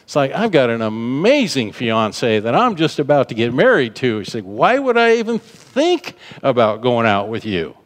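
Animated male preacher in a reverberant hall. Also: mid-range voice, moderate pace, few pauses. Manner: storytelling, acts out quoted voices, repeats phrases for emphasis. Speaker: pastor. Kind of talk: sermon.

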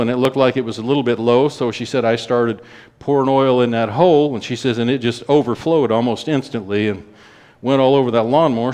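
A man with a mid-range voice tells a testimony story during a sermon in a folksy style. He rushes through some stretches and slows down when he wants emphasis.

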